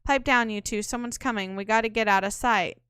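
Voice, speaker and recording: A woman's voice: on the high side, fairly even intonation, brisk, fairly bright tone, smooth, no room sound, clean studio sound, natural voice. A woman reading a cocky, slangy young rogue. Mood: breezy. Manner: breezy, slangy. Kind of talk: reading game dialogue aloud.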